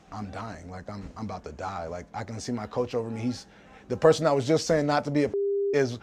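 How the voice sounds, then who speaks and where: A man, a professional fighter, telling a story in a casual interview, animated and acting out quoted voices with frequent restarts. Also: mid-range voice.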